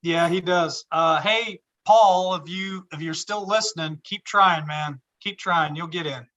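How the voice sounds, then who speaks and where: A man's voice: on the high side, a little slow, bright, forceful tone, lo-fi sound. A man from Idaho hosting a video call chat, friendly and encouraging. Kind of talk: casual chat.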